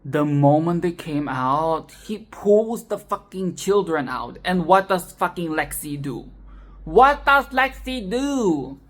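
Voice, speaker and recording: A young woman hosting a casual film rant, laughing often, exasperated and swearing, with sudden animated outbursts. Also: low-pitched, unhurried, few pauses. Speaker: film commentary channel host.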